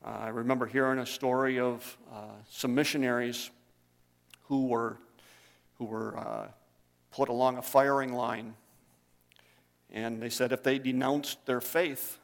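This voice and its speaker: A man's voice: mid-range voice, fairly even intonation, measured pace, long pauses. Preaching man in a reverberant hall. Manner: conversational preaching with storytelling. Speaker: pastor. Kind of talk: sermon.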